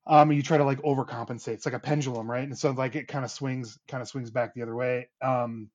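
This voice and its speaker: A man's voice: mid-range voice, steady tone, fast talker, darkish tone, muffled recording. A man in his thirties, a podcast host, chatting casually with lots of fillers and restarts. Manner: rambling, many restarts and fillers. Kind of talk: casual chat.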